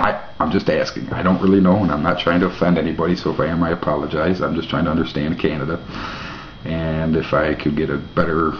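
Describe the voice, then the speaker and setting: Very deep-voiced man rambling on a vlog. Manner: rambling, mock-naive questions, dry jokes. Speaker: vlog host. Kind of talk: casual rambling monologue to camera. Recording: echoey room, dull lo-fi mic, faint hiss.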